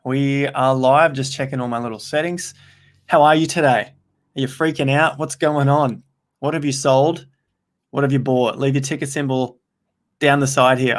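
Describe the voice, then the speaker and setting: A young man hosts a live stream, talking right to his viewers as he reads their comments. He rambles in an upbeat way and often restarts his sentences mid-thought, in a voice of middling pitch. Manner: chatty and rambling, with frequent restarts; upbeat, talks straight to viewers. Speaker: crypto livestream host. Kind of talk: casual livestream chat, reading out viewer comments.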